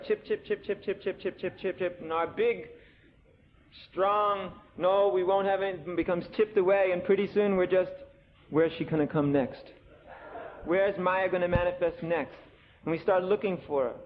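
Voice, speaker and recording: A man giving a scripture lecture as a sermon, telling it with animated storytelling and sarcastic asides. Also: high voice. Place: temple lecture hall. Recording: tinny lo-fi 1980 tape with faint hiss.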